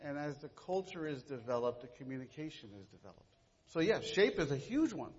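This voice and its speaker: A man's voice: a little high, sing-song, fairly quick, a little mellow, highs cut off. A middle-aged man co-leading a church workshop, sarcastic and joking, recorded in a church hall.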